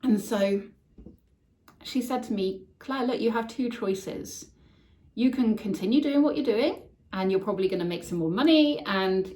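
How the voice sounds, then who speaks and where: A woman's voice: mid-range voice, dark tone. A woman speaks candidly about a hard time in her life, her voice open and emotional, with casual swearing. She sounds a little distant from the microphone in an echoey room. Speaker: podcast host telling her story. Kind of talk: personal storytelling monologue. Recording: echoey room, voice somewhat far from mic.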